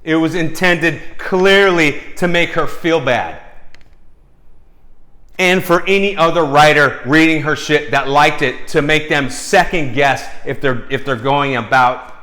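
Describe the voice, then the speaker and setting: A man's voice: fairly high pitch, measured pace, bright, forceful tone. A man ranting angrily at a critic to camera, swearing constantly and mocking him, often tagging lines with "okay?" and "dude.". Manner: heated, profane, mocking, repeats "okay?" and "dude". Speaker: screenwriter and video host. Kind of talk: angry profane rant to camera.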